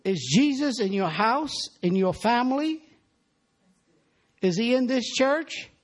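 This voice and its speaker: Man, high voice, preacher, church sermon, calls on the congregation. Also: expressive, takes it slowly. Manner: exhorting, asks the congregation for responses.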